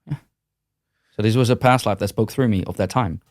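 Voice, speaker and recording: A man's voice: on the low side, brisk, darkish tone, dry recording, clean studio sound. A man talking as a podcast guest, in a loose, rambling way with frequent restarts and repeated words. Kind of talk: casual interview conversation.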